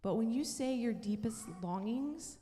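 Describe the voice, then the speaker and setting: A woman pastor tells a story from the pulpit, her voice sitting a little high and carrying a long church-hall reverb. She is middle-aged and animated, and she acts out the people in her story. She moves between quiet, intimate moments and lively retellings. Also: a little slow. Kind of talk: sermon storytelling. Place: church sanctuary.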